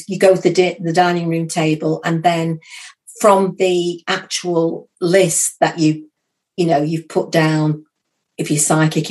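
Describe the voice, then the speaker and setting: A woman guest on a podcast, telling a personal story in a chatty, animated way and acting out the voices of the people in it. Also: fairly low pitch. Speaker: podcast guest, psychic medium. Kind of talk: casual storytelling.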